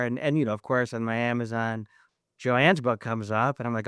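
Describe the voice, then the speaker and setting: A man, a therapist, chatting as a podcast guest, playful and animated as he acts out his own thoughts. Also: medium pitch, moderate pace, clean tone, no room sound. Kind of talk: casual interview chat.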